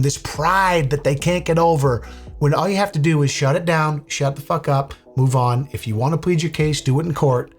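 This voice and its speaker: A man's voice: fairly high pitch, husky. A man giving blunt, sarcastic reaction commentary over a video, swearing freely. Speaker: commentary YouTuber.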